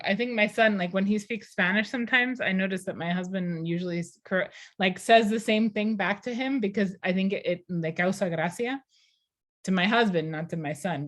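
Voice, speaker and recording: A woman teacher talking in a conversational, explanatory way during a class discussion over a video call. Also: lowish voice.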